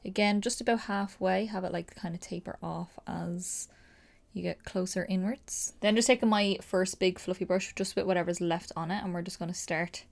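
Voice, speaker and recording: A young woman with a Dublin accent, chatting excitedly through a casual makeup tutorial with lots of fillers. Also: lowish voice, normal speed, vocal fry. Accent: Dublin Irish. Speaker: makeup creator.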